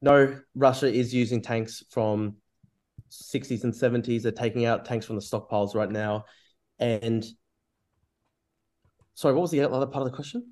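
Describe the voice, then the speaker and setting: A man debates online and presses the same accusation again and again in an insistent voice. His pitch sits in the middle of the usual range for men. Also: moderate pace, long pauses, a little mellow.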